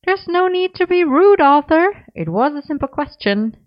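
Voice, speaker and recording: A woman's voice: high voice, big pitch swings, moderate pace, no echo, pitched above the performer's own voice. A woman voicing a gleeful, meddling young woman friend with a sing-song, mock-innocent teasing manner. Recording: dull lo-fi recording.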